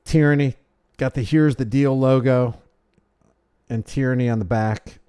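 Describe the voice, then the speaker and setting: A man hosts a casual livestream and reads his viewers' messages aloud. His voice sits in the middle range with a mellow, dark tone. He rambles and restarts sentences as he thanks people by name. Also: mid-range voice, steady tone, measured pace, clear, resonant tone. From United States. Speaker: livestream host. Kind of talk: casual livestream chat reading super chats.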